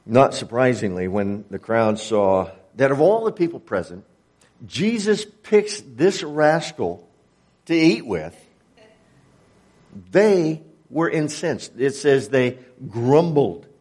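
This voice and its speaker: A male preacher tells a story from the pulpit and acts out the voices in it. His voice is husky and breathy, at a medium pitch. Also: very animated, takes it slowly, a little mellow. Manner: storytelling with acted-out dialogue. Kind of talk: sermon.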